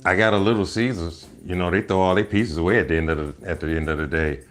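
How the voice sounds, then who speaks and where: A man with a fairly low voice hosts a live stream, joking and rambling to his viewers in a loud, teasing way. He keeps breaking into laughter, and faint music plays behind him. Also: fairly even intonation, fast. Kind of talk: casual comedic live stream chat.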